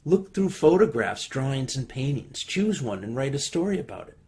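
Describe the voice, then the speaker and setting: Calm man reading writing prompts. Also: medium pitch, normal speed.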